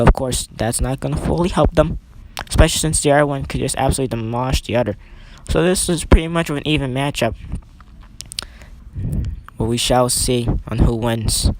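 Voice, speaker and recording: A man's voice: mid-range voice, a little hiss or hum. A young man doing casual play-by-play commentary over a wrestling video game, rambling and correcting himself with chatty asides.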